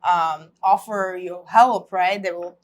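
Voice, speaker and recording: A woman from Russia with a Russian accent, a guest in a casual interview, telling lively stories and laughing often. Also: fairly low pitch, takes it slowly.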